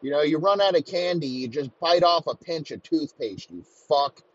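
A man's voice: on the high side, expressive, normal speed. A man ranting crudely and mockingly, swearing constantly in a comedic tirade. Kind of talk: profane comedic rant. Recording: slightly muffled lo-fi recording, faint background noise.

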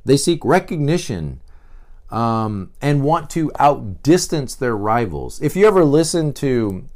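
A man talks through a lesson in a loose, chatty way, drifting into asides and filling pauses as he thinks. His pitch swings widely from phrase to phrase, rising high for emphasis and dropping low as he trails off, so the talk sounds lively and unscripted. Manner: animated, digressive, many fillers. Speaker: teacher. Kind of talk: conversational teaching talk.

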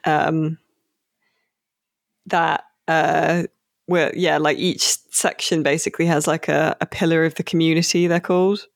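A podcast co-host chatting casually about a game, rambling with many fillers and slowing down on key words. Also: medium pitch, little pitch movement, vocal fry, no room sound, studio quality.

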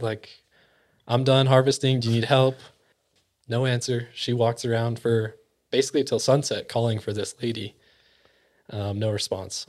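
Man, mid-pitched voice, casual spooky storytelling, hushed near-whisper at times, acts out voices.

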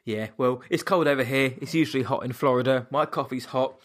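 A man's voice: medium pitch, fairly quick. An English man co-hosting a film podcast, friendly and chatty with polite British turns of phrase. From England. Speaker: podcast co-host. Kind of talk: casual chat.

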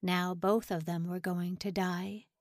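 A woman reading a story aloud as narrator, in a measured, unhurried way. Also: fairly low pitch, little pitch movement, dry recording, clean studio sound. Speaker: audiobook narrator. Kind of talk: scripted narration.

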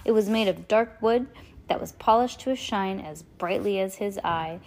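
A woman casually reading a novel aloud, relaxed, now and then stumbling and chatting between passages. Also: mid-range voice, normal speed. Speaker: reader.

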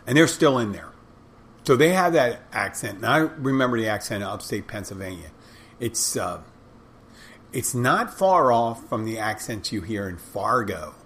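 A man with a fairly low voice talks through a solo podcast episode. He drifts from point to point and corrects himself mid-sentence. A faint hum of noise sits under the recording. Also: sing-song, measured pace, pauses often, fairly bright tone. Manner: rambling, conversational, self-correcting. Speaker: podcast host. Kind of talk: casual solo podcast monologue.

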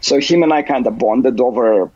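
Male podcast guest, husky, halting delivery, dull dry recording. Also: mid-range voice, darkish tone, no room sound. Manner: halting, full of "you know" fillers and restarts. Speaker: interview guest, software developer. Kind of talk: casual interview.

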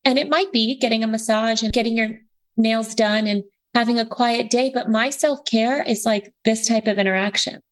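Affirming woman host, higher voice. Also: moderate pace, poor audio. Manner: warm, affirming, interjects agreement. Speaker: podcast host. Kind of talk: conversational podcast interview.

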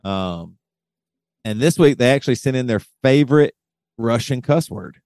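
A man's voice: mid-range voice, expressive, normal speed, darkish tone, no room sound. A man hosting a podcast in casual chat, loose and jokey, often breaking into laughter. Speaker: podcast host.

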